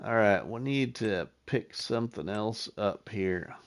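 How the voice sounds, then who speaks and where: A middle-aged man hosting a live game stream, chatting casually with viewers in an easygoing way while he thinks out loud. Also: lowish voice, a little slow. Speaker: live-stream gaming host.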